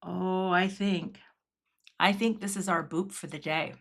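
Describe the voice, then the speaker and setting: A woman's voice: fairly low pitch, steady tone, measured pace. A woman hosting a live craft stream, chatting and thinking aloud as she works and thanking viewers in the chat. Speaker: craft livestream host.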